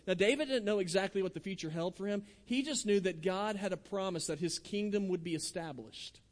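A pastor delivers a sermon in an earnest voice, tripping over the first words of a phrase before pressing on. His voice sits high for a man. The sound rings with the long reverb of a large hall. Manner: earnest, repeats words when starting phrases.

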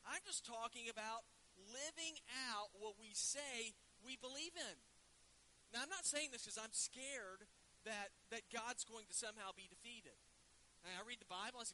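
A male pastor with a drawl delivers a sermon in an earnest, conversational way, dropping in folksy asides. His voice is very bright and sits fairly high. A faint hiss runs under the recording. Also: rough recording.

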